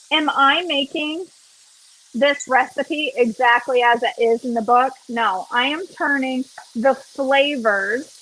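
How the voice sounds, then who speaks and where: Woman, slightly high voice, casual cooking vlog, chatty. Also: a bit bright. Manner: chatty, often adds "okay?" and "y'all". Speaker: cooking vlogger.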